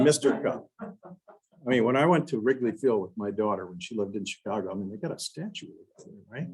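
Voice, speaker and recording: An older man with a low, husky voice tells stories as a guest speaker. He acts out the quotes and keeps adding "you know" between his restarts. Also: a little mellow, low-quality recording. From Wisconsin. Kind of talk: storytelling talk to a club.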